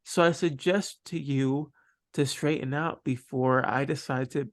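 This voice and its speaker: A man hosting a podcast, talking casually and haltingly, often restarting his sentences. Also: mid-range voice, fairly even intonation. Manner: halting, loose storytelling with many repeated starts. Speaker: podcast host. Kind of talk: casual conversational interview.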